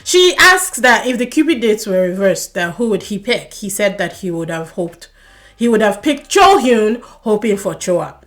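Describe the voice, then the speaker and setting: A young woman giving a casual, animated review of a reality dating show, swearing and laughing when she gets worked up. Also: mid-range voice, moderate pace.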